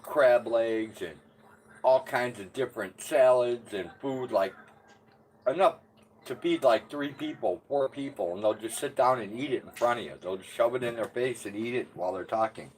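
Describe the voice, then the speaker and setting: A man's voice: mid-range voice, moderate pace, slight background noise. A man co-hosting a casual home livestream, rambling easily and reading out the chat. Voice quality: laid-back, rambling, lots of fillers.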